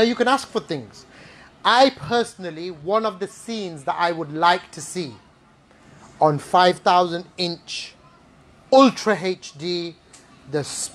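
A man giving an Islamic talk to a live audience, animated and playful, full of rhetorical questions and asides. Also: high voice. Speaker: preacher.

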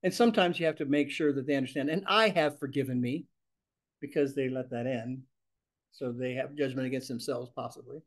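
A man teaching a ministry class, speaking in an animated way and acting out the prayers he teaches. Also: medium pitch, brisk.

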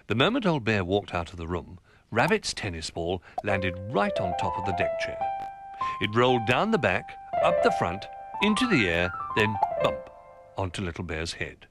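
A man reading a children's picture book aloud in a gentle, expressive storytelling manner. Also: low voice, moderate pace, soft background music.

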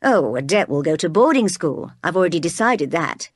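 A woman reading aloud as a brooding, passionate gentleman who is quick to anger, in her own plain voice. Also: on the low side, big pitch swings, no room sound, clean studio sound.

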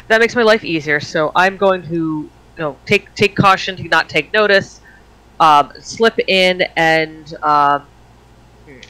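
Bright high-voiced tabletop player man. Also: low-quality recording. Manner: thinks aloud, tentative. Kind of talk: tabletop game chat.

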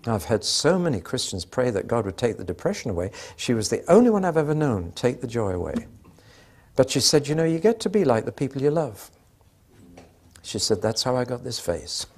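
An older preacher gives a sermon in a husky, slightly breathy voice at an everyday middle pitch. He tells stories with dry humour and acts out the back-and-forth of conversations.

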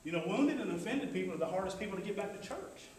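Male pastor, high voice, chatty sermon delivery, recorded from a distance in a reverberant church. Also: animated, fast, a little mellow. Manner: conversational preaching with call-and-response asides. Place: church sanctuary. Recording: echoey church hall, mic from afar.

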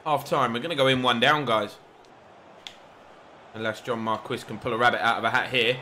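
An excitable young man narrates his football game as he plays, talking straight to his viewers. His voice is bright and forward, and it jumps up to shouts when a chance comes. A faint hum of game sound sits behind him. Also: mid-range voice, brisk, long pauses. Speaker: gaming YouTuber. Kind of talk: live gameplay commentary.

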